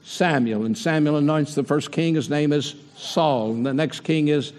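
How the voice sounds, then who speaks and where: A man's voice: fairly high pitch, moderate pace, a little mellow. An older man preaching a sermon and putting rhetorical questions to the congregation. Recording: long hall reverb.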